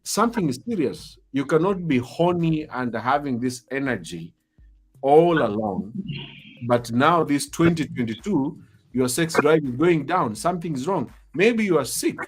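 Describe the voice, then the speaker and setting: A man's voice: on the high side, expressive, unhurried. A man hosting a live talk show, speaking emphatically, repeating himself and teasing his viewers. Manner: emphatic, repetitive, playfully teasing.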